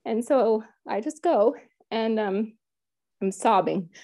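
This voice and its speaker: Mellow, heartfelt woman telling her story. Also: fairly high pitch, slow, no echo. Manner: earnest and heartfelt, quoting her own prayers. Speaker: guest sharing a personal story. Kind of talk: emotional personal storytelling.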